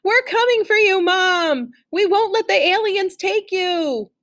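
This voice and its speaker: A woman shouts in a high-pitched, very animated, fairly bright voice pitched above her own, at normal speed, voicing a bossy young female chick barking snappy orders at her squad.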